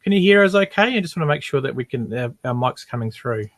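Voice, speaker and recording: A man from New Zealand co-hosting a beekeeping podcast, upbeat and chatty with quick affirmations. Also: mid-range voice, lively intonation, fairly bright tone, no room sound. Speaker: podcast co-host. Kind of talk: casual live Q&A chat.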